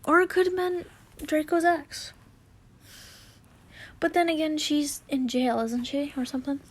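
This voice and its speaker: A young woman with a high voice reads a fanfiction story aloud at an unhurried pace. She plays the characters' lines herself and keeps breaking off to giggle and comment on the story. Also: fairly even intonation. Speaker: fanfiction reader.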